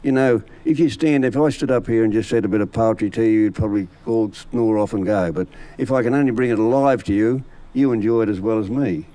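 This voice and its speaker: A man's voice: fairly low pitch, brisk, few pauses, warm tone, no room sound, low-quality recording. A man, a bush poet telling comic yarns and reciting funny poems in a folksy, chuckling way. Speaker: bush poet and yarn teller.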